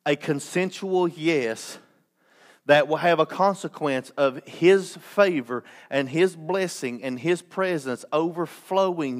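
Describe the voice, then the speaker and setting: A man preaching a sermon as pastor, impassioned, with restarts and joking asides. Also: fairly high pitch.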